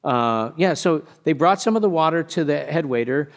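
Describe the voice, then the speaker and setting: Man preaching a relaxed conversational sermon. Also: a little high, moderate pace. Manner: conversational, storytelling with animated joke voices. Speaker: pastor.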